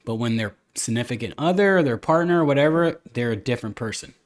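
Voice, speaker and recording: Guy hosting a podcast, just rambling, middle pitch, candid storytelling. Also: animated, fast. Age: adult, a father. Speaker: podcast host. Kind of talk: casual chat.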